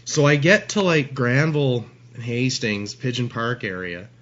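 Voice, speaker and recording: A man's voice: mid-range voice, measured pace, a bit bright, dull audio. A man in his forties from Ontario, telling a rambling, swear-heavy story as a podcast guest. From Ontario, Canada. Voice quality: profane, rambling, lots of restarts. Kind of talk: casual storytelling.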